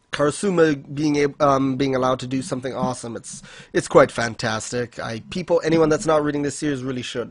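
A man's voice: medium pitch, no room sound. A man casually recapping manga chapters on a podcast, rambling with fillers and frequent laughs. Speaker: podcast co-host.

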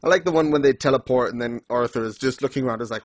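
A man's voice: medium pitch, no room sound. Chatty man recapping with acted-out quotes. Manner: acts out characters' lines in quick voices, laughs often. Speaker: podcast co-host discussing a manga. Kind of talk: casual chat.

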